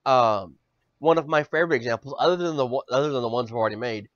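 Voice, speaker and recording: A man's voice: mid-range voice, quick pace, no room sound. A male podcast host ranting in casual chat, swearing often and stammering over repeated words. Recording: dull dry lo-fi audio.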